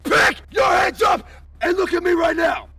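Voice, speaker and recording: A man working as a drill instructor, barking shouted commands at recruits inside a bus. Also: extremely high pitch, moderate pace, gravelly. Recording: distant mic, loud crowd and noise.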